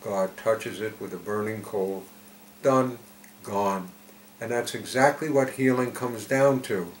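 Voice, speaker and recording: Male spiritual teacher, lower register, very slow and measured delivery, recorded in a roomy, reverberant space. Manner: slow, deliberate storytelling with emphatic swells. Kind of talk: reflective spiritual talk. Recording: echoey room with faint noise.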